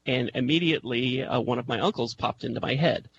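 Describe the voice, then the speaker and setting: Gravelly man telling a story over a call. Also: medium pitch, a little fast, a bit bright. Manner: hesitant, many ums and restarts. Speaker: guest, music intuitive. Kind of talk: storytelling in a radio interview. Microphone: Skype call. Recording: dull lo-fi call line with faint noise.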